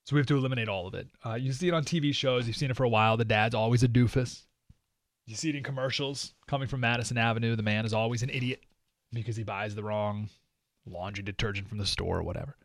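A man hosting a talk radio show, delivering an opinionated monologue in an animated, sarcastic way with mocking asides. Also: mid-range voice, fast talker, no echo, studio quality.

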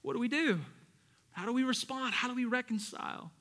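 A male pastor preaching a sermon, moving between loud emphatic lines and low storytelling and acting out Bible characters in casual voices. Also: fairly quick.

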